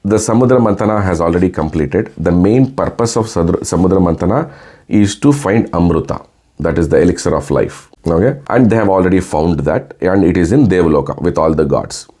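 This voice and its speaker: A man's voice: low voice, animated, brisk, warm tone. A man casually retelling old myths as a podcast host, full of fillers and acted-out dialogue. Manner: rambling, many fillers, acts out quoted dialogue. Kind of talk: casual storytelling.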